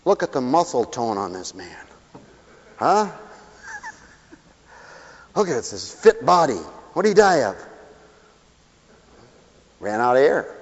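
A man preaching a humorous sermon with animated, theatrical storytelling in a large hall. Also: mid-range voice, takes it slowly, long pauses, slightly rough. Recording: dull sound with long hall reverb.

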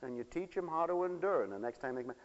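A man preaching a sermon in a folksy storytelling way, dropping to low mutters and rising to loud high exclamations. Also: lively intonation, fast. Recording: dull lo-fi broadcast with long hall reverb.

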